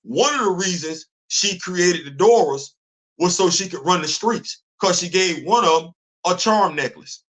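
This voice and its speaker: Man, high voice, live stream host, animated, rhetorical questions, repeats himself. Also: measured pace.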